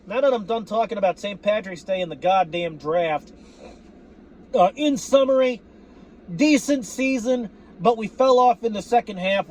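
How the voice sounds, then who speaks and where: Profane, high-voiced ranting male vlogger. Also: a little hiss or hum. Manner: profane, rambling, bursts into shouting. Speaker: sports fan vlogger. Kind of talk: ranting fan commentary to camera.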